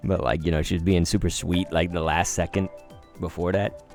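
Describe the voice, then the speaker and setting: A man commentating over gameplay, telling animated, profanity-laced stories in a rambling, casual way. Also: low-pitched, normal speed, vocal fry, soft background music. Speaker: gaming commentator.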